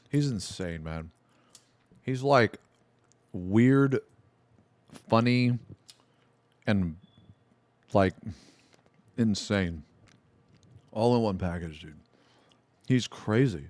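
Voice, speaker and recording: Low-voiced guy streaming, rambling and cussing, dry close mic sound. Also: lively intonation, slow, pauses often, darkish tone, no room sound. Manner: rambling, laughing, swears a lot. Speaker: livestreamer. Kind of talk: casual livestream chat.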